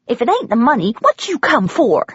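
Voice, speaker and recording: A woman's voice: on the high side, huge pitch swings, fairly quick, husky, no echo, highs cut off, pitched above the performer's own voice, heavily acted. A woman putting on a bitter older country woman. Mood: hostile. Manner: accusing, clipped rural speech.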